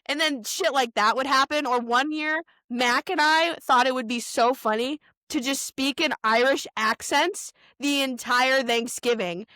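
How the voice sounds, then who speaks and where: A young woman co-hosting a podcast, telling family stories in an animated way and laughing often. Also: sits high, no room sound, studio quality. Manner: animated storytelling, quick to laugh. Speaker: podcast co-host. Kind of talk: casual chat.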